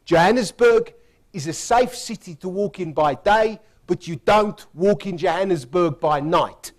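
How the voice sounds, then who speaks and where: Brief: a man doing a blunt, slow Afrikaans-accented security giant who gives stern warnings. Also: high voice. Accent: Afrikaans-style, put on badly.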